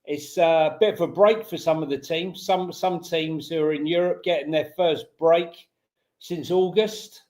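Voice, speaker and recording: A man's voice: on the high side, fairly even intonation, unhurried, darkish tone. Easygoing man in an echoey room. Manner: easygoing, laid-back. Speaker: podcast co-host. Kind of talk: casual football chat. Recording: roomy echoey sound.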